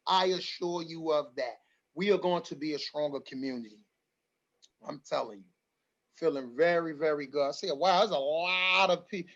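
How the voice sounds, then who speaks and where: A man's voice: high-pitched, dull audio. A man hosting an online community forum, talking emphatically and repeating his lines for stress. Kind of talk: livestream community address.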